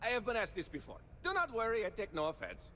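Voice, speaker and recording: A man's voice: sits high, huge pitch swings, fast, bright, forceful tone, in a large hall, a little hiss or hum, exaggerated voice. A man voicing a chatty male space trader in a video game, with an unplaceable mixed accent and formal, contraction-free speech. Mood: friendly. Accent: unplaceable mix from life among ships. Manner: formal, avoids contractions, salesman's charm. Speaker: shopkeeper and trader.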